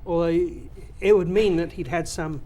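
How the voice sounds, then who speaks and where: A man hosting a community talk show who interviews his guest in a halting, hesitant way. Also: on the high side, steady tone, dark tone. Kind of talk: casual interview.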